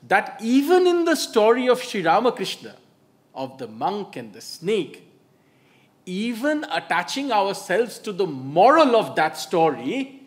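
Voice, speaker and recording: A man gives a public talk, weaving stories into his points. His voice runs fairly high and swings widely. He drops to soft asides now and then. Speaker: author and speaker.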